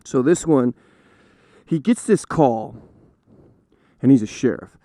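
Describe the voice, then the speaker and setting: Speaking casually to camera, a man tells an anecdote in a chatty way, full of fillers and laughs, as a storyteller host. His voice is medium in pitch and warm, with lively intonation and a slow pace. There's no room sound.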